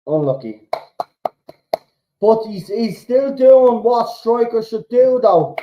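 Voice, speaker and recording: A man reacting live to a football match as a fan host, swearing freely and shouting at the players. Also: high-pitched, slow pace, muffled recording.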